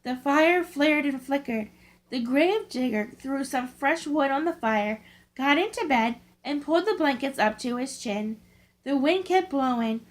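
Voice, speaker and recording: A woman reading scary stories aloud from a book in a slow, careful storytelling way. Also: high voice, expressive, low-quality recording. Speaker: channel host, story reader.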